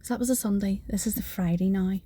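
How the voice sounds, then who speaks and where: A woman's voice: mid-range voice, fast talker, dark tone, breathy edge. A woman telling a personal faith testimony in an earnest, half-whispered way, repeating phrases for emphasis.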